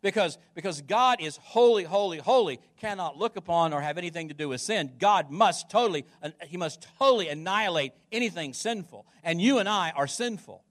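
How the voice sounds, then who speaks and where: A male pastor preaching with a high voice that swings widely in pitch. He is emphatic, doubles back on his words, and fires questions at the listeners. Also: lively intonation, a little fast, hardly any pauses, a bit bright. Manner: emphatic, repeats words, asks the congregation questions. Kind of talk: sermon.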